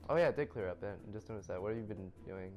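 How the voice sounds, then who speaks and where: A relaxed young man interviews a guest in easygoing, chatty fashion, firing off lightning-round questions and laughing often. His voice sits a little low, with faint music running under it. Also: very fast, highs cut off. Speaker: interviewer and series host.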